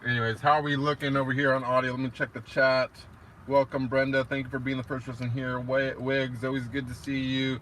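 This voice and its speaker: A man hosting a casual livestream, chatting loosely and swearing, sometimes talking to his dog in a high excited voice. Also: fairly quick, a little hiss or hum. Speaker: livestream host. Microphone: tablet built-in mic.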